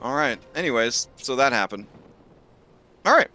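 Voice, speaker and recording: Male game master, bright and rambling, with plenty of fillers while he narrates. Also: mid-range voice, animated, moderate pace, soft background music. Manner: rambling, full of fillers and restarts.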